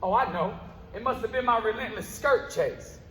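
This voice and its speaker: A man's voice: high voice, moderate pace, fairly bright tone, slight background noise. A man performing spoken word poetry live on stage, with a rhythmic, rhyming delivery. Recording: roomy live venue with long reverb.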